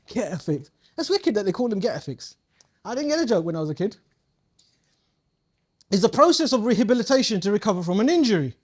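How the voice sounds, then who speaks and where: A man leading a live coaching workshop, playful and slangy, quizzing his audience as he goes. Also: high voice. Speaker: community coaching trainer.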